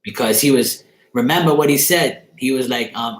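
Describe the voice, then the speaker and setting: A man of middle pitch rants casually to his viewers, swearing freely and breaking into laughter as he tells his story. His voice rings in a roomy, echoey space. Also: moderate pace. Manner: profane, laughing, animated storytelling. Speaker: tarot channel host. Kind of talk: casual rant to camera. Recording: roomy echo.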